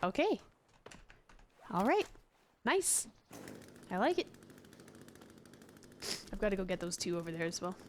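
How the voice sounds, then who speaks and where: Lively chatty woman streamer. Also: mid-range voice, unhurried, pauses often, a little hiss or hum. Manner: chatty, giggly, reacts loudly to the game. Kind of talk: live gameplay commentary.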